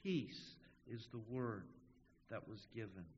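Slow, emphatic male preacher in a hall. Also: fairly low pitch, expressive, a little mellow, a little hiss or hum. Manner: emphatic, slow and measured, stressing key words. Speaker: pastor. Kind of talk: sermon. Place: church sanctuary. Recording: dull audio in a reverberant hall.

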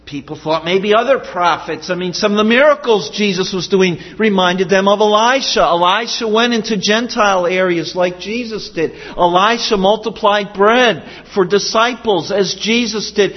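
A man's voice: sits high, moderate pace, hardly any pauses. A man preaching a sermon in an earnest, emphatic way, repeating his key questions. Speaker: pastor. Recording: dull sound with long hall reverb.

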